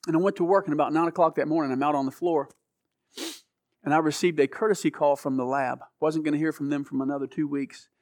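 A middle-aged man tells his personal testimony in an earnest, emotional way, tripping over restarts as he goes. His voice sits a little high for a man. The recording is dry and close, with no room sound. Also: fairly even intonation, quick pace, a little mellow, no room sound. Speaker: guest telling his story.

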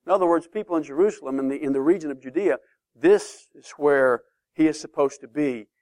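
A man teaching a sermon-style Bible lesson to a class, emphatic and lively, often checking in with questions. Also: on the high side, a little fast, no room sound, studio quality.

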